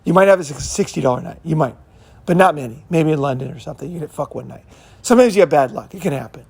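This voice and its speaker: Gravelly, husky man telling rambling stories. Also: on the high side, animated, fast talker, a little mellow. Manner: profane, rambling storyteller who repeats himself. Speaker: channel host. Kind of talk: unscripted monologue.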